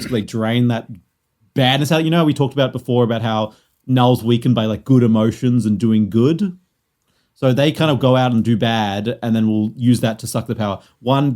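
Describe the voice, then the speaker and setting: A man in a relaxed podcast chat, walking his friends through comic lore. He rambles, fills gaps with ums and likes, and restarts his sentences often, at a medium pitch. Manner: rambling, lots of fillers and restarts. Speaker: podcast host presenting the lore. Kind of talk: casual chat.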